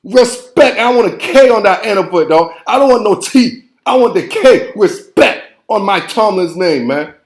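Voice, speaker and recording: A man's voice: high-pitched, lively intonation, moderate pace, few pauses, roomy sound. A man hosting a football show, ranting in a heated, preachy way and repeating himself. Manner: fired-up, preachy, repeats phrases and says "man" constantly. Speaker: sports show host.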